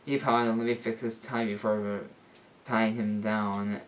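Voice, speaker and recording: A man's voice: fairly low pitch, steady tone, measured pace, distant mic, a little hiss or hum. A man reading a homemade story aloud, stumbling and correcting himself as he goes. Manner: unpolished, stumbles and fixes his words. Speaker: story reader. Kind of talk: reading fan fiction aloud.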